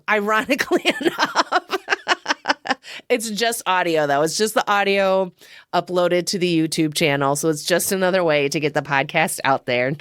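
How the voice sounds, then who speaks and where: Lower-voiced woman rambling through a podcast review. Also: dry recording, studio quality. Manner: rambling, chuckling often, self-deprecating. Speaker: podcast host. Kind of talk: casual solo film review podcast.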